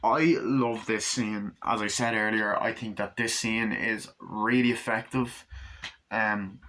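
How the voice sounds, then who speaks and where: A man giving an excited, rambling movie recap with many fillers and swearing. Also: fairly low pitch, takes it slowly. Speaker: movie reviewer. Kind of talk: casual film recap.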